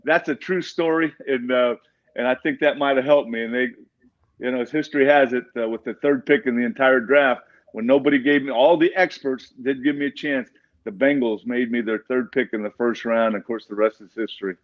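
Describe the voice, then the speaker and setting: A man in his sixties, a former football player, telling a lively story as a guest and chuckling between lines. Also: medium pitch, brisk. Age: 60s. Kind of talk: storytelling in a live online show. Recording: dull lo-fi audio.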